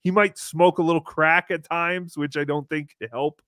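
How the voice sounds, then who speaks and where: A man hosting a podcast in a fairly high voice, recorded dry and close. He talks casually and runs a wry, sarcastic play-by-play, tossing in mock disclaimers. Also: steady tone, moderate pace, fairly bright tone, no echo. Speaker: podcast host. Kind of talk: casual chat commentary.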